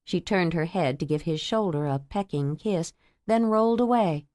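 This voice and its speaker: A woman narrating a romance novel audiobook in a measured, intimate storytelling manner. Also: fairly low pitch, lively intonation, darkish tone, no room sound, studio quality.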